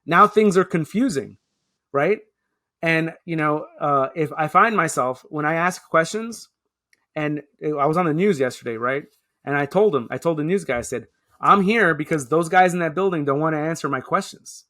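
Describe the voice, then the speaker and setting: The speaker, a public affairs officer in his 30s from Queens, New York, is a guest in a conversational interview. His voice is fairly high, expressive and sharp, at a moderate pace. He makes emphatic points, checking in with "right?" throughout.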